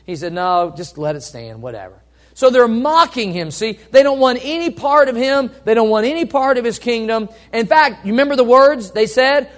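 A man preaching a sermon to a congregation in an animated way, asking them questions and acting out little scenes. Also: very high-pitched. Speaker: pastor.

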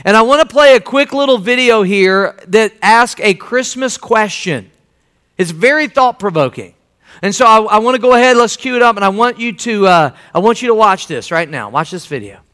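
A pastor preaching a sermon with a high, bright and ringing voice. He tells his story with animation, playing out both sides of the dialogue himself. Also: expressive, normal speed, clean tone.

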